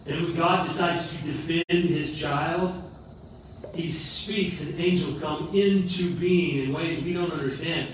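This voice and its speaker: A middle-aged man preaches a heartfelt sermon with self-deprecating humor. His voice sits slightly high and carries a lot of echo. He sounds a little distant from the mic, with faint ambience behind him. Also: slight background noise. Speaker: pastor. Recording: roomy echo from far off the mic.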